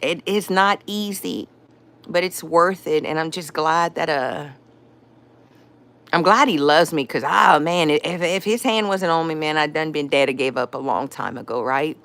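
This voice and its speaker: A woman hosting her own live stream, talking casually about faith in a slangy, animated way and laughing often. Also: low voice, moderate pace.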